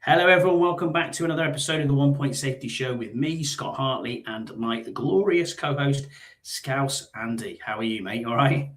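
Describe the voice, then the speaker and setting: Middle-aged guy hosting a sports stream, rambly and casual, lots of fillers, medium pitch. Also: a little fast. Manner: chatty, rambling, with frequent fillers and repeated "mate". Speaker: podcast host.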